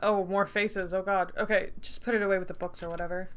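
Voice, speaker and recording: A young woman streaming a game, reacting in an excitable way, swearing freely. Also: medium pitch, quick pace, a little hiss or hum. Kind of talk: game playthrough commentary.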